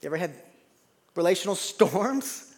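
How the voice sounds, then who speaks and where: A man's voice: high-pitched, animated, moderate pace. Dynamic man preaching in a large hall. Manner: dynamic, swings from loud to hushed. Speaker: pastor. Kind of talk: sermon.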